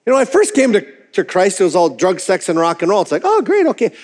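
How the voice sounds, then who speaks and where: A man's voice: sits high, lively intonation, fast, a little mellow. A man preaching a sermon as pastor, talking candidly and conversationally, often restarting and repeating words as he goes. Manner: conversational and candid, acting out his own quoted thoughts.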